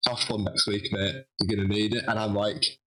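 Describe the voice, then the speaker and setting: A man telling a lively story in a casual interview, acting out what people said. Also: fairly low pitch, normal speed, low-quality recording. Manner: animated, acts out quoted dialogue. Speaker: guest wrestler.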